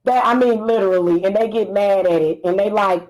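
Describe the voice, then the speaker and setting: A woman vlogging in casual chat, animated and sassy, often laughing. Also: mid-range voice, a little fast, few pauses, poor audio. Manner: animated, laughing, singing snatches of a chorus; sassy, defiant. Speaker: spiritual vlogger.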